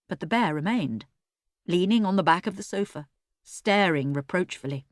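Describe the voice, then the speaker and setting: A woman narrating a children's storybook in an expressive, lively way, recorded close on a studio mic. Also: fairly low pitch, moderate pace, dry recording. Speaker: audiobook narrator.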